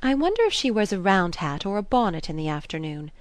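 A woman's voice: mid-range voice, sing-song, fast talker, no echo, lightly acted. A woman reading a novel aloud, voicing a chatty young society woman who speculates with artless malice. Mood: gossipy. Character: high-strung gossipy young society woman.

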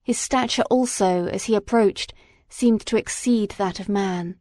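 A woman reading a classic novel aloud as an audiobook narrator, in a measured, dramatic way. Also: mid-range voice, darkish tone, no echo, clean studio sound. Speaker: audiobook reader. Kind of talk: scripted narration.

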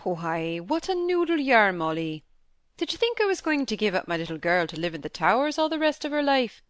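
A woman reading an audiobook, voicing a hearty middle-aged country doctor who talks to his daughter in a brisk, fond, teasing way. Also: mid-range voice, very animated, no room sound, clean studio sound, lightly acted.

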